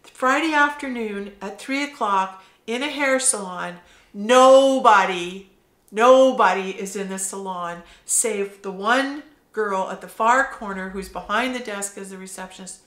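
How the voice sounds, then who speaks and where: A woman's voice: medium pitch, sharp tone. Earnest middle-aged woman in a roomy space. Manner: earnest, halting with frequent fillers. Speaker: spiritual storyteller. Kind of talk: personal storytelling to camera. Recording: roomy echo.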